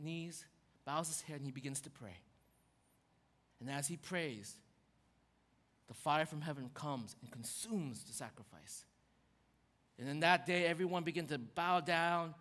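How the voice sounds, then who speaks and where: A man with a notably high voice preaches a sermon, telling the story with animated energy and acting out lines. His voice rings out with a long reverb, as if he is speaking in a large hall. He swings between loud bursts and quieter, lower asides. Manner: animated storytelling with acted quotes. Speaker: pastor.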